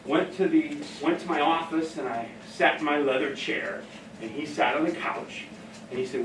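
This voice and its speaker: Heard from afar in an echoey room with slight background noise, a man with a slightly high voice runs a staff training workshop. He speaks at a normal pace in a relaxed storytelling style, frequently laughing at his own tales.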